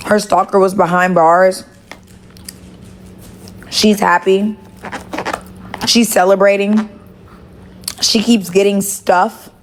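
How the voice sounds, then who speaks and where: A woman talking straight to her livestream viewers through a phone, her voice pitched at an ordinary middle height. She rambles through a story, cursing freely, swearing on her soul and hammering her points home. A faint hiss of noise sits under her voice. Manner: gossipy, profane, emphatic swearing. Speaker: livestream host.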